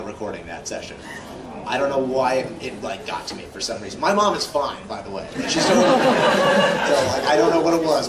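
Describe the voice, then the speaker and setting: A man who is a voice actor, answering audience questions at a convention panel in a rambling, animated way. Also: mid-range voice. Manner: rambling and animated, with lots of filler words. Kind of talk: casual Q&A storytelling. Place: large convention hall. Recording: echoey hall from far off with hum.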